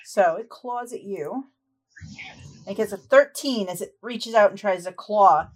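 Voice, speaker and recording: Acting as game master for a tabletop fantasy game, a woman with a medium-pitched voice narrates every charge and claw. She's lively and descriptive, slipping in quick laughs between rolls.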